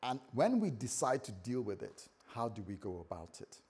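A man's voice: medium pitch, sing-song, normal speed, a little mellow, breathy edge. A man preaching a conversational sermon, often repeating words and acting out the voices he quotes.

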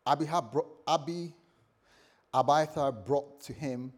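A man's voice: on the high side, unhurried. A man preaching a conversational sermon, often repeating words and acting out the voices he quotes.

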